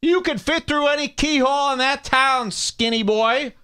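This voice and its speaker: A man's voice: extremely high pitch, normal speed, bright, forceful tone, faint music behind. A man hosting a podcast, ranting sarcastically and hurling insults while commenting on clips. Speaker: podcast host.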